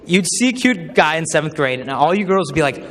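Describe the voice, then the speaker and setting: A man's voice: on the high side, very animated, quick pace, a bit bright. A young man giving a live talk to a crowd, telling stories with humor and acting out the people he quotes. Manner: humorous storyteller who acts out quoted voices. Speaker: speaker at a chastity talk. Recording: long hall reverb from a live talk.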